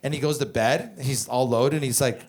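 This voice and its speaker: A man in his twenties from Canada doing stand-up, telling family stories in a profane, animated, rambling way. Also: medium pitch, normal speed. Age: 20s. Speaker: stand-up comedian. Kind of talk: stand-up comedy storytelling.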